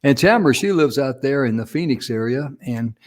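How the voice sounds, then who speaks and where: A man's voice: medium pitch, animated, brisk. A man co-hosting a talk show, chatty and encouraging as he brings in a guest.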